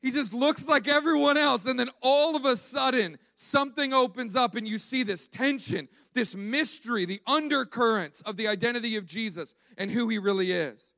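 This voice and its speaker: High-voiced man preaching in a chatty way. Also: normal speed, vocal fry, hardly any pauses, bright, forceful tone, no room sound. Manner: conversational, emphatic, repeats words as he restarts. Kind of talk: sermon.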